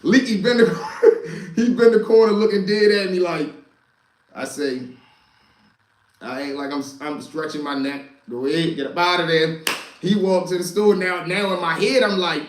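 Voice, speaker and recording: A man telling street stories to a live chat, animated and profane, talking straight to his listeners as y'all. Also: high-pitched, moderate pace, pauses often, echoey room, a little hiss or hum. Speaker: storyteller and stream host.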